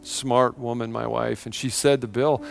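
A man's voice: mid-range voice, little pitch movement, moderate pace, creaky, over music. A middle-aged man preaching a sermon to his church, earnest and emphatic, repeating phrases for effect. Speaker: pastor. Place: church sanctuary.

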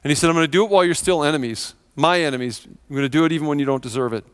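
Animated storytelling pastor, a man. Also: on the high side, racing, clean tone. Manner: storytelling, animated, acts out quoted voices. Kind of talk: sermon.

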